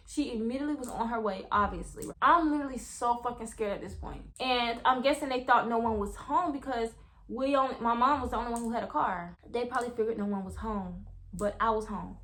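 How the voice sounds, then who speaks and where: A young woman, casually telling viewers a story in a vlog, animated, full of slang and swearing. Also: fairly high pitch. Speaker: vlogger.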